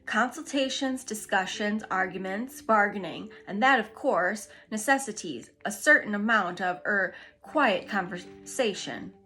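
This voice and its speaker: Shrill cranky old bird guy, lady reading it, loud and brusque, bright voice. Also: expressive, a little slow, hardly any pauses. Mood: grumbling. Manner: brusque and grumbling. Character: shrill busy old male starling, gruff and cheeky.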